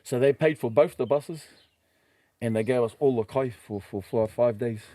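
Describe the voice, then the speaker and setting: Middle-aged New Zealand man, mellow and animated, spinning yarns on a podcast. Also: medium pitch, moderate pace. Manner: animated, acts out quoted voices, laughs while telling. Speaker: podcast guest. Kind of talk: casual storytelling.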